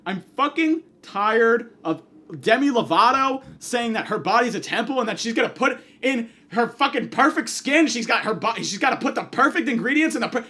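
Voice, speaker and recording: A man's voice: very high voice, expressive, moderate pace, sharp tone. A man doing a comedic monologue, ranting angrily and profanely, acting out the people he quotes.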